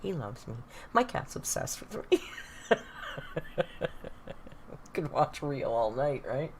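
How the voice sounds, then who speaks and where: A woman's voice: low-pitched, big pitch swings, slow, a little hiss or hum. A woman from southern Ontario with a Canadian accent, chatting casually and laughing often while hosting a livestream. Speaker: livestream host. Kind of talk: casual live chat with viewers.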